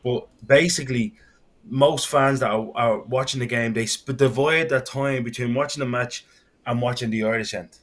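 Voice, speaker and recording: Mid-pitched male football pundit. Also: fairly even intonation, normal speed, fairly bright tone. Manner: conversational, repeats himself when starting a point. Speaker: podcast co-host. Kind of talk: casual football chat.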